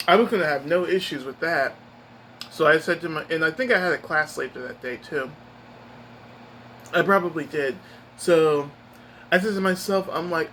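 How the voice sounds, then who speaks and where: A young man with a slightly high voice rambles through a story from work, emphatic and expressive. He talks casually, piling on fillers and restarts as he vents to his viewers. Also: slight background noise, low-quality recording. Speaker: streamer giving a life update.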